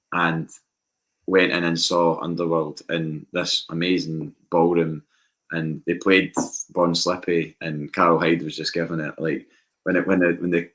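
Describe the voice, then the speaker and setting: A man with a Scottish accent telling lively anecdotes in a casual podcast chat. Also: deep voice. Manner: animated anecdotes with acted quotes. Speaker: podcast guest.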